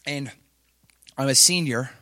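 Animated man preaching a personal story. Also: mid-range voice, a little slow. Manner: animated, swings from loud intensity to quiet confession. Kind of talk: sermon storytelling.

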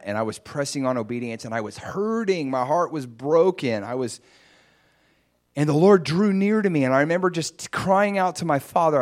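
Preaching from the pulpit, a man shares a personal testimony in an animated, story-driven style, breaking into abrupt, high-pitched bursts of excitement.

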